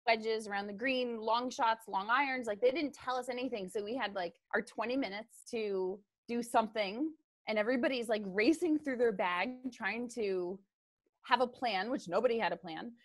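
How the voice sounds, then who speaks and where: A woman's voice: a little high, dry recording. Chatty woman golfer, dry sound. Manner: chatty, many fillers. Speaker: podcast guest, golfer. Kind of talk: casual interview talk.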